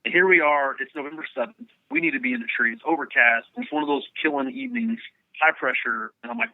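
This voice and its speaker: A man, a bowhunter guest, telling a hunting story in an excited, casual way. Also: a little high, quick pace, creaky, no echo. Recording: phone-like narrow sound.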